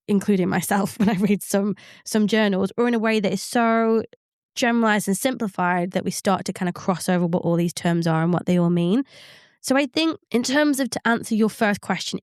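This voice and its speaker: On a podcast, a psychologist co-host talks through workplace psychology in a steady, measured way, dropping in frequent ums. Her medium-pitched voice is smooth and clear, recorded dry and close to the mic.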